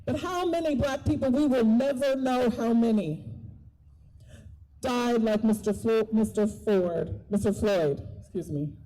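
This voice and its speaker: A woman's voice: a little high, a little slow, mellow, low-quality recording. A woman giving an impassioned outdoor protest speech, earnest and repeating key phrases for emphasis. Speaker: rally speaker and doula. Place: outdoor park rally.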